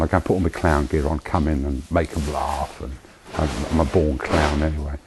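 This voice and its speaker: A man sharing a personal testimony in a slow, emotional storytelling manner. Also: rumbling low, steady tone, background noise. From United Kingdom. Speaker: charity founder giving testimony.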